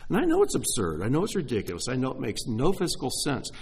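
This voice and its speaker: A middle-aged man delivers a sermon in a slightly husky voice. His pitch moves a lot, dropping to hushed, heartfelt asides and rising into excited exclamations. He talks with open emotion. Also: fast. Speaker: pastor.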